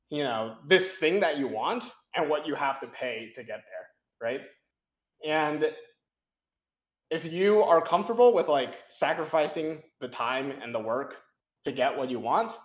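Young male guest, casual and blunt, halting rambly delivery, roomy muffled sound. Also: medium pitch. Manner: rambling, frank, lots of fillers and restarts. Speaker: interview guest, competitive programmer. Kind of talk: casual interview chat.

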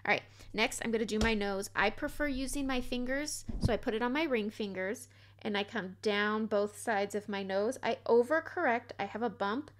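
A woman's voice: on the high side, moderate pace. Chatty woman in her forties. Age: 40s. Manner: chatty, self-deprecating, step-by-step instructing. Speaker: makeup tutorial host. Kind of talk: casual makeup tutorial.

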